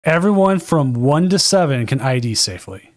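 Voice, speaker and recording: The voice is a man's, fairly high and animated, at a normal pace in a dry, clean studio recording. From his home desk he hosts a live card game tournament stream, rambling casually and self-correcting as he calls the action.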